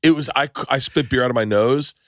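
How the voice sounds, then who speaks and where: Lively middle-aged man telling stories, dry sound. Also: mid-range voice, fairly quick, no echo. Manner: excitable storyteller acting out quotes. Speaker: podcast host. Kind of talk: casual chat.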